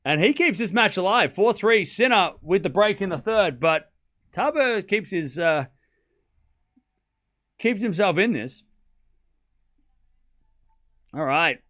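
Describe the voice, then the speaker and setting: Chatty excitable man streaming tennis. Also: a little high. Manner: chatty and excitable, laughs often, repeats phrases, calls out live scores. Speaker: livestream tennis watchalong host. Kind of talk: casual live-stream commentary chatting with viewers.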